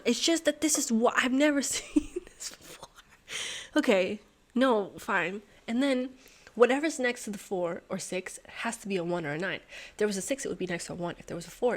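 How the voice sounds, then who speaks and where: A woman hosting a sudoku video who thinks aloud as she solves. She is excitable and swears and laughs in disbelief as she talks to herself and her viewers. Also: medium pitch. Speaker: host solving a sudoku puzzle. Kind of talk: thinking aloud while solving a puzzle.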